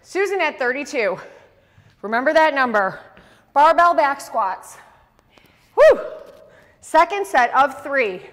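Winded woman counting reps, high voice that swoops a lot, bit hoarse, lots of hall echo. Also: sing-song, takes it slowly, long pauses, fairly bright tone. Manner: counting reps aloud between breathless whews. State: out of breath; slightly hoarse. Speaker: fitness instructor. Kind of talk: leading a workout class. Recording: long reverb in a big room.

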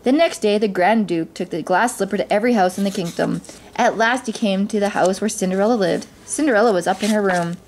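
A woman reading a children's storybook aloud in a gentle, steady way, with small slips now and then. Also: mid-range voice, brisk, slight background noise.

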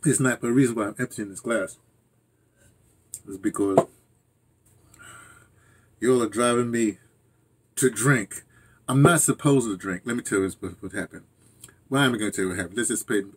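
A man's voice: on the low side, moderate pace, long pauses, husky. An older man rambling through a casual monologue as host of his own channel, interrupting himself and chuckling at asides. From United States.

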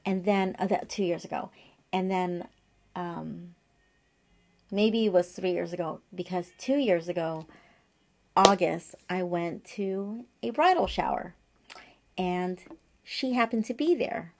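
A woman's voice: lowish voice, slow pace, vocal fry, long pauses, a little mellow. Chatty woman in her forties. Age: 40s. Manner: chatty, digressive storytelling with many fillers. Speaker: acupuncturist. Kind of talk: casual advice monologue to camera. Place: her office.

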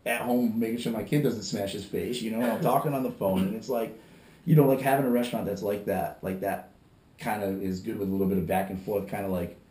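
A man talking fast and low about running his shop, his voice dark and mellow. He rambles from one story to the next and drops into quick quoted voices of customers. The room around him has a noticeable echo. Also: fairly even intonation, a little hiss or hum. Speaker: restaurant owner, podcast guest. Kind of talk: casual storytelling. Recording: roomy echo.

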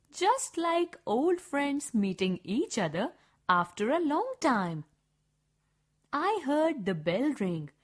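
A woman narrating a first-person children's story in an expressive, measured way. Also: high voice.

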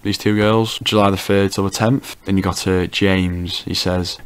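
This man has a very low, deep voice. He delivers a casual comedic commentary as a YouTuber, talking wryly and teasing as he goes. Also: steady tone, moderate pace, faint music behind. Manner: wry, teasing remarks.

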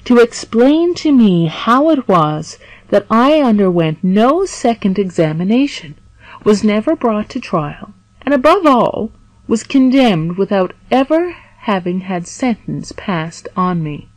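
A woman's voice: medium pitch, big pitch swings, unhurried, no echo, rough recording. A woman reading as an earnest young sailor. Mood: eager. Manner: earnest, eager answers. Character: young male sailor, wronged and earnest prisoner.

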